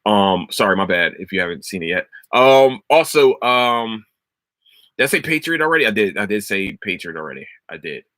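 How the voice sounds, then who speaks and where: Young male podcast host, loose rambling delivery with frequent swearing; bright tone, dry sound. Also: fairly low pitch, very animated, normal speed, dry recording. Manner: rambling, swears freely, breaks into loud laughter. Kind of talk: casual solo podcast chat about shows.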